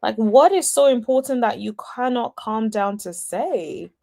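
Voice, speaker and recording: A woman's voice: a little high, lively intonation, measured pace, creaky, warm tone. A woman hosting a casual reaction commentary, speaking to her viewers with chatty, exasperated asides. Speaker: host.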